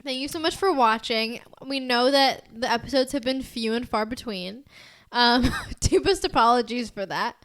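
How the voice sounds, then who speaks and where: A woman's voice: a little high, moderate pace. A young woman co-hosting a podcast, chatting casually and explaining things with lots of filler words. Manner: relaxed, explaining with many fillers. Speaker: podcast co-host. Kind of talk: casual chat.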